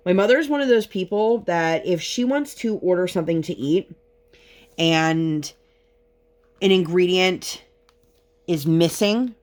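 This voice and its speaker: A woman's voice: lowish voice, measured pace, pauses often, a little mellow. A woman vlogger telling a long frustrated story in a chatty, casual way while she works on a craft. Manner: chatty, exasperated storytelling with many fillers.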